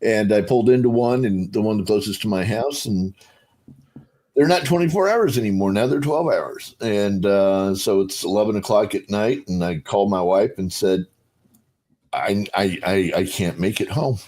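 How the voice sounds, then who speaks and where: Middle-aged man, lowish voice, rambling animated storyteller with fillers. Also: moderate pace. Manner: rambling, animated, acts out voices in his retelling. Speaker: panelist. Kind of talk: casual storytelling on a video call panel.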